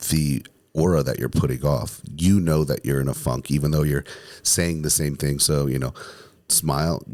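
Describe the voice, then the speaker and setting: Salesman co-host, male, extremely deep voice, easygoing casual talk. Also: steady tone, moderate pace, darkish tone. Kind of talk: casual chat.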